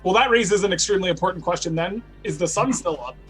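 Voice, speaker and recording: A man's voice: high voice, quick pace, a bit bright, soft background music. A man playing a tabletop game, talking bluntly and dryly in casual chat.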